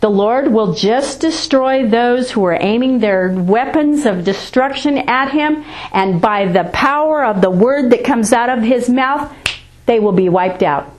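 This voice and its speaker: A woman's voice: on the high side, measured pace. A woman preaching a sermon, reading scripture aloud and driving her points home with rising and falling emphasis.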